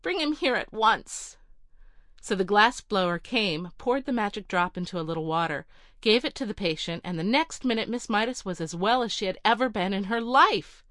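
A woman narrating a storybook in a measured, clear reading. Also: mid-range voice, animated, fairly bright tone, no echo, clean studio sound.

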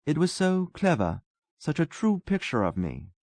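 A man's voice: a little high, wildly swooping pitch, normal speed, darkish tone, no room sound, pitched above the performer's own voice, exaggerated voice. A man reading a story aloud, voicing a talkative, self-absorbed young man who muses earnestly.

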